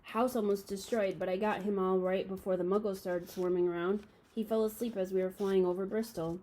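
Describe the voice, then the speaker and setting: Woman reading as a soft-hearted giant, stammering. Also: medium pitch, steady tone, brisk, natural voice. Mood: humble. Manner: humble, stammering, says sir a lot. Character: huge tearful male half-giant groundskeeper, soft-hearted.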